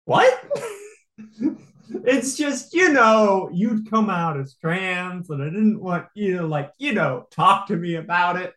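Animated storyteller in a roomy space. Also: mid-range voice, slow pace. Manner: animated storytelling, laughs often. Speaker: guest telling a personal story. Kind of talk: casual podcast chat.

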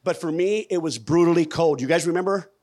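A man with a slightly higher-than-average voice speaks from a conference stage into a microphone. He talks in a folksy, emphatic way and keeps putting questions to the audience. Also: brisk, a little mellow. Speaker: conference speaker on regenerative farming. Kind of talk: lively stage presentation.

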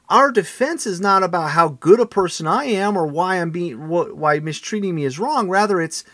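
A man teaching on a Bible passage in a preaching style, emphatic and repetitive, building his points to a forceful pitch. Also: no echo, studio quality. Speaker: pastor.

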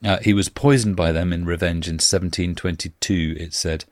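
A man's voice: low-pitched, steady tone, normal speed, no echo. A man hosting a casual podcast, reading out local facts with frequent filler sounds and dry jokes. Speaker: podcast host.

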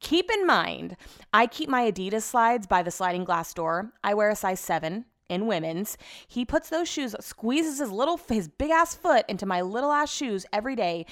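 A woman's voice: mid-range voice, very animated, moderate pace. Casting note: young woman, podcast host, gabby and exasperated, mid-range voice. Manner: chatty, exasperated storytelling with swearing; laughs at herself mid-story. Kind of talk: casual chat.

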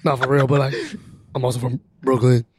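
A man's voice: mid-range voice, little pitch movement, fairly quick, noisy background. A young man guesting on a podcast, joking and playful in casual banter.

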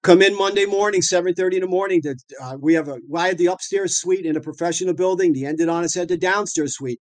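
A middle-aged man from the northeastern US talks as a dentist guest, telling stories in a loose, colloquial way full of fillers and restarts. His voice sits a little high for a man and sounds close and dry, with no room echo. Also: fast talker. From northeastern United States. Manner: lively storyteller, colloquial, frequent fillers and restarts. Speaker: dentist and practice owner guest. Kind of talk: anecdotal storytelling talk.

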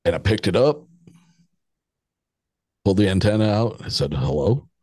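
A man in his fifties tells a long, rambling story as a podcast guest. His voice sits very low. The sound is dry and close, and he chuckles his way through the telling. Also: animated, normal speed, a little mellow, no room sound. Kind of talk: casual storytelling.

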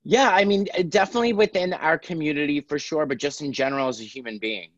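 A man talking as a guest in a casual interview chat, telling stories in a chatty, animated way. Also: a little high, fast, no echo. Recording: dry, dull lo-fi sound.

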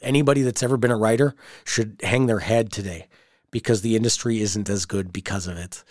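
A man's voice: lowish voice, steady tone, brisk, darkish tone, no room sound, studio quality. A man co-hosting a podcast in casual chat, talking in a blunt, opinionated way. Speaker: podcast co-host.

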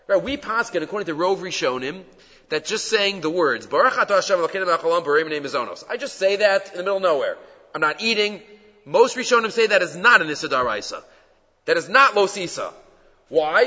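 Animated, bright-voiced man teaching a Torah class. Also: high voice, a little fast. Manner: emphatic, weaves in quoted Hebrew texts. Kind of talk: Torah lecture. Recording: dull lo-fi recording in an echoey hall.

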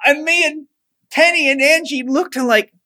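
A man chatting casually as host, telling a lively family anecdote. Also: very high-pitched, moderate pace, no room sound. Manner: animated anecdote-telling, fond. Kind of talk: casual chat, storytelling.

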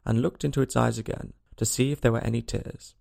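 A man narrating a storybook aloud in an expressive, lilting manner. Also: medium pitch, a little fast, vocal fry.

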